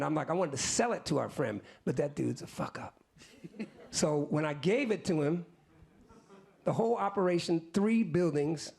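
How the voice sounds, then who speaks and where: A man's voice: on the high side, creaky. A man in his fifties, a musician, telling a story on stage to an audience in casual, slangy talk, acting out what other people said in the conversations he recounts. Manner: animated, acts out other people's lines in quotes. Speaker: musician guest.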